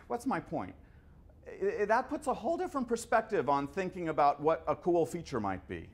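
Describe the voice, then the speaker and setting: Fifties male lecturer, somewhat high voice, chatty storyteller who trips over his words. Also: big pitch swings, moderate pace. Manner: conversational, anecdotal, stumbles and repeats words. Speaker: guest lecturer.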